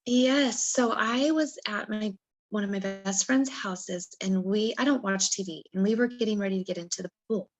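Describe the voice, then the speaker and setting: A woman guest on a podcast, telling her personal story in an emotional, animated way and acting out her own past words. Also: mid-range voice, moderate pace.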